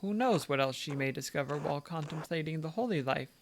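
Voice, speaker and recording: A gentle elderly nun speaks in a British voice with a slight cockney twist, as a man puts her on. She is kindly and a little sly. The tone is coaxing, and a faint hiss sits behind the voice. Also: fairly high pitch, lively intonation, fairly quick. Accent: put-on British, a little cockney. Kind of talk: reading game dialogue aloud.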